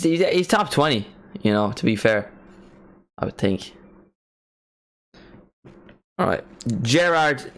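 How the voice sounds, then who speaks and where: A young man casually commentating a live football watchalong, chatting and bursting into excited reactions. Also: on the low side, clean tone. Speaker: streamer hosting a match watchalong.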